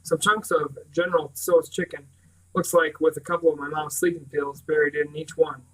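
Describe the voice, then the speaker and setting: A man reading aloud, voicing a steady, plain-spoken young man in a level way. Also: fairly high pitch, moderate pace, recorded from a distance, rough recording.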